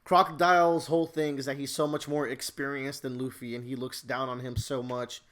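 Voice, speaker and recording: A man's voice: medium pitch, little pitch movement, brisk, fairly bright tone, slight background noise. Man explaining lore with dry quips. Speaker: podcast co-host. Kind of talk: casual chat commenting on a manga.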